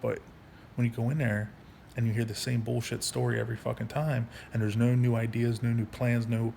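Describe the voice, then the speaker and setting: A man in his thirties telling his own story in a casual monologue, angry and profane, halting with frequent restarts. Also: mid-range voice, little pitch movement, vocal fry, dark tone. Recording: faint background noise.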